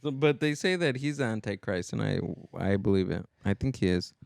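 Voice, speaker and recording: A man's voice: lowish voice, lively intonation, fairly quick, gravelly, darkish tone, no room sound, studio quality. A man co-hosting a comedy podcast, chatting casually and rambling with many restarts and trailing-off sentences. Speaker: podcast co-host.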